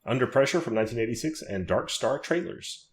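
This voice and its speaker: A man's voice: medium pitch, expressive, a little fast. A man co-hosting a horror podcast in casual chat, laughing often and reading release listings aloud. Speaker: podcast co-host.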